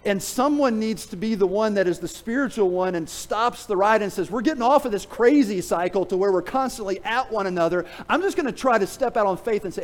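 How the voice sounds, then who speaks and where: A middle-aged man preaching a sermon in a church, telling a story with humor, then dropping to a quiet, earnest tone to drive a point home. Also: high voice, fairly quick, hardly any pauses, poor audio. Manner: animated storytelling, jokes with the congregation; drops to a quiet, earnest tone for emphasis. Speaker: pastor. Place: church sanctuary.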